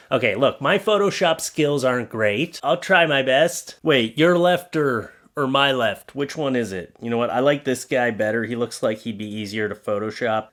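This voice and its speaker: A man's voice: medium pitch, a bit bright. A man hosting a comedic reaction video, reacting to pictures and clips with joking, sarcastic asides. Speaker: YouTube host.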